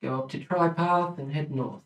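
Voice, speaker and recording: A man narrating as the dungeon master in a tabletop game, chatty and hesitant, with quick asides. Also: a little high, steady tone, a bit bright. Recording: roomy room, distant mic, music underneath.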